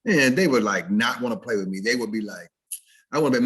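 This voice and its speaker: A man with a Southern American accent, an educator giving a lively recorded video-call lesson on speech and code switching. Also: medium pitch, fast talker, husky. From Southern United States. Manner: animated, switches into dialect examples for contrast. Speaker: educator teaching diction.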